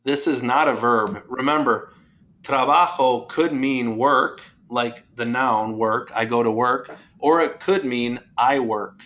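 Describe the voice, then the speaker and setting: A man's voice: mid-range voice, slow, a bit bright. A man teaching a Spanish class, patiently explaining grammar step by step and quizzing his students.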